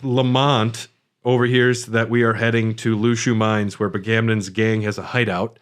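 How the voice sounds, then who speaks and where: A man's voice: fairly low pitch, level tone, moderate pace, smooth. A man co-hosting a podcast, casually recapping a video game and laughing easily. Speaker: podcast co-host.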